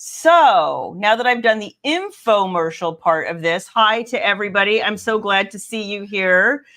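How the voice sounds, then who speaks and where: A woman's voice: medium pitch, animated, bright, forceful tone. A woman hosting her own livestream, chatting casually with viewers and teasing her co-host. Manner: chatty, teasing, quick asides.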